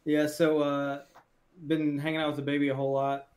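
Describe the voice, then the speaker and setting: A man's voice: a little high, completely flat delivery, brisk, darkish tone. A man chatting casually on a podcast, easygoing and rambling with lots of fillers. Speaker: streamer and podcast co-host. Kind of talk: casual chat.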